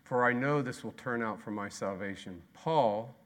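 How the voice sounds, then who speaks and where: A man in his thirties preaching a sermon as pastor, moving from loud, emphatic repeated lines to quiet, slow asides. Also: mid-range voice.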